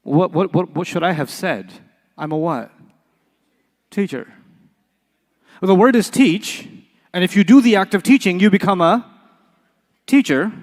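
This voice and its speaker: A man's voice: sits high, expressive, normal speed, pauses often, in a large hall. A man teaching an Arabic class, quizzing the students with call-and-response questions and playful examples. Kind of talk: classroom lecture.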